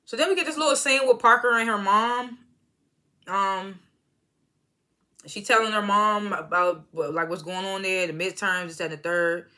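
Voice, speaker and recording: Going over a reality show episode in a casual way, a woman laughs often and acts out the cast's lines in loose, slangy storytelling. Her voice is mid-range with a sharp tone, at a moderate pace.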